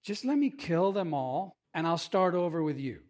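A blunt, exasperated God figure speaks with no frills, as a preacher puts him on. The voice sits a little high for a man and stays close to his everyday tone. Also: big pitch swings, moderate pace, a little mellow.

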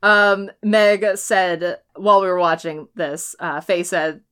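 A woman's voice: on the low side, fairly even intonation, slow, a bit bright, smooth. A woman co-hosting a casual podcast, talking animatedly about a TV show, swearing often and laughing a lot.

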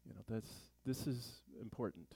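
A man's voice: mid-range voice, normal speed, darkish tone, slightly rough, dry recording. A man teaching a Bible study in a chatty sermon style, full of joking asides and rhetorical questions.

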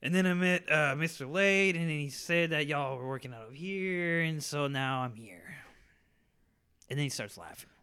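Animated young man telling a profane story. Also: a little high, normal speed, clean tone. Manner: animated, profane, acts out quoted voices. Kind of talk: casual storytelling.

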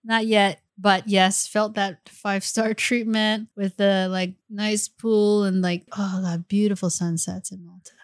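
A woman's voice: mid-range voice, flat delivery, measured pace, few pauses, no room sound, studio quality. A woman from the United States, an action film actress, chatting casually as a podcast guest, laughing often and filling her talk with "like" and "you know".

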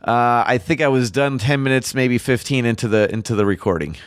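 A man's voice: mid-range voice, brisk, no echo, studio quality. A man co-hosting a podcast, chatting casually about movie trailers in a rambling way with lots of fillers. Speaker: podcast co-host.

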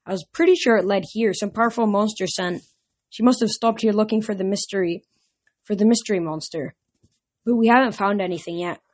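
A woman voicing a nervous teenage satyr boy who stammers and squeaks. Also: fairly quick, a little mellow, lightly acted. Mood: flustered.

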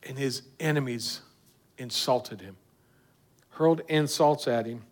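A man's voice: mid-range voice, unhurried. A man preaching a sermon earnestly, putting direct questions to his listeners. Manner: earnest, rising and falling with emphasis, asking the listeners direct questions.

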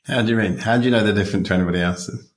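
A man's voice: fairly low pitch, racing. A man interviewing a guest, asking probing, direct questions.

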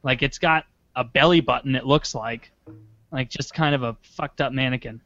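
A man's voice: mid-range voice, moderate pace, sharp tone, dull audio. A young man co-hosting a casual chat, rambling and sarcastic with plenty of swearing.

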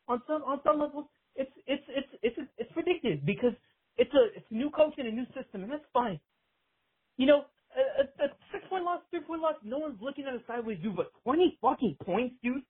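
Young guy calling in, choked up and rambling, swears a lot, husky voice on a tinny phone line. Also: high voice. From Texas. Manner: rambling, profane, says "dude" constantly. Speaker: caller. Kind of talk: emotional call-in rant.

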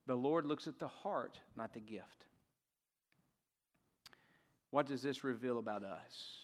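A man's voice: mid-range voice, slow, big-room sound. A male pastor preaching a sermon, rising and dropping his voice for emphasis.

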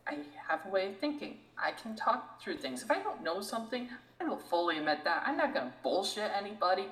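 A woman co-hosting a podcast, ranting in an animated, exasperated way in casual chat. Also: medium pitch, a little fast, echoey room, low-quality recording. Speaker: podcast co-host.

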